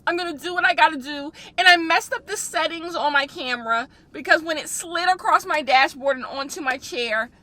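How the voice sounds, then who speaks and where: High, bright young woman vlogging in her car. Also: brisk, hardly any pauses. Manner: dramatic, mock-tearful, wailing. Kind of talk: casual car vlog. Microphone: camera on the dashboard. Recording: faint car noise. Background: car noise.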